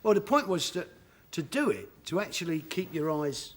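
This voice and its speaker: Lively Cockney man telling stories. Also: fairly high pitch, normal speed, slight background noise. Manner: animated anecdotes, laughs often. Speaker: guest actor. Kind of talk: talk show storytelling. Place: television studio.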